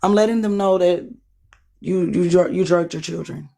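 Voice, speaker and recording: A hoarse woman guest in a heated live argument, defiant and threatening. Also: lowish voice, moderate pace, warm tone. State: voice gone, hoarse.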